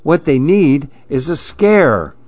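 A grumpy reclusive boy from a storybook, fussy and exclaiming, as a man reads him aloud. The voice jumps up high and swings widely in pitch. It sits on a slightly dull, lo-fi recording. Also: sing-song, takes it slowly, a little mellow, no room sound, full character voice. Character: grumpy reclusive boy who wants to be alone.

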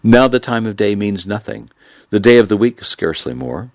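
A man in his thirties reading a memoir aloud in a measured, reflective, unhurried way. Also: lowish voice, lively intonation, no room sound. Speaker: narrator. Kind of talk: audiobook memoir narration.

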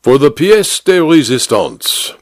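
A man's voice: on the high side, sing-song, slow pace, dry recording, pitched above the performer's own voice. A man voicing a ceremonious, terse old judge in a dry storybook reading. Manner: ceremonious, through gritted teeth.

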